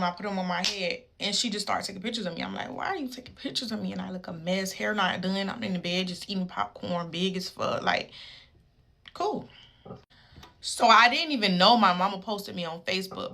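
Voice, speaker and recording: A young woman tells a casual storytime into her phone. She talks straight to her viewers. Her voice is lively and animated. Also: mid-range voice.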